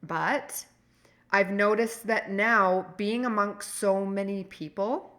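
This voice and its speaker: A woman co-hosts a casual podcast, her voice bright and forward. She tells stories in an animated, rambling way, circling back and restarting her sentences as she goes. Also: mid-range voice, slow pace. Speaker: podcast co-host. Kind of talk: casual chat.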